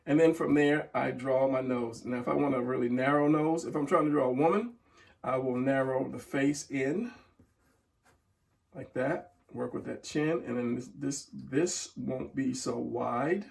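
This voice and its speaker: Gravelly man explaining drawing steps. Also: mid-range voice, measured pace, a little mellow, far from the mic. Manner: talks while drawing, trails off into murmurs. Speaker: drawing instructor. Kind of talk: casual drawing tutorial.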